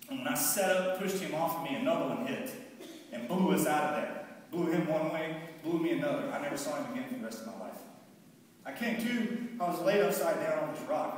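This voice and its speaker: A man telling his own war story to a live audience in a halting, heavy way, often stopping and repeating words. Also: mid-range voice. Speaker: speaker recounting his war experience to an audience. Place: large hall with an audience. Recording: echoey hall, mic far off, faint background hiss.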